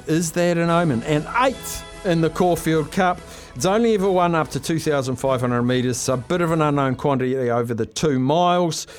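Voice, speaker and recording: Brief: New male radio host, high voice, bubbly and quick with the racing form, faint music under him. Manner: excitable, upbeat, rattles off racing form. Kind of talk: phone-in radio chat.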